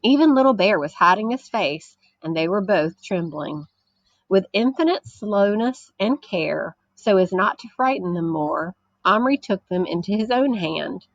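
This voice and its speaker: A woman teacher reading a chapter book aloud to her class, gentle and explanatory, stopping to ask the children questions. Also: mid-range voice, expressive, a little slow, no echo, lo-fi sound.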